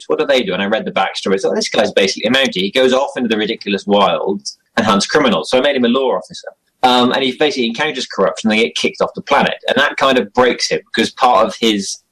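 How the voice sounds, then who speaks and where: A young man, guest on an interview, chats casually about his role-playing game character, rambling, running himself down, and chuckling often. His voice is on the low side, a bit bright and husky, and the recording is low quality.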